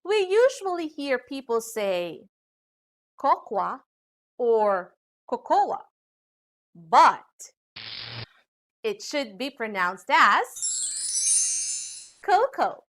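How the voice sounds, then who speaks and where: A woman from the Philippines with a Filipino accent, teaching a scripted English pronunciation lesson to students. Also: fairly high pitch. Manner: slow, lively teacherly delivery addressing students.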